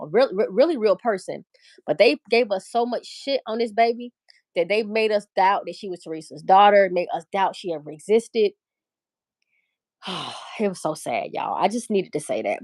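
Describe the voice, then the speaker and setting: A woman hosts a loose livestream chat. She talks in a candid, emphatic, profane way that wanders from point to point. Her voice sits at a middle pitch and sounds dry and close, with no room echo. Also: darkish tone. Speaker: livestream host.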